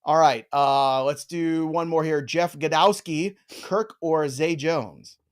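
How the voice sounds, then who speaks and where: A man hosting a live fantasy football stream, brisk and joking as he reads listener questions in rapid fire. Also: on the high side. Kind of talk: casual live-stream chat.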